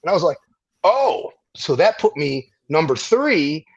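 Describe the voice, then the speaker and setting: Husky middle-aged man telling stories. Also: a little high, moderate pace, dull audio. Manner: animated, profane, acts out quoted people. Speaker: guest, Marine veteran and former firefighter. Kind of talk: casual storytelling interview.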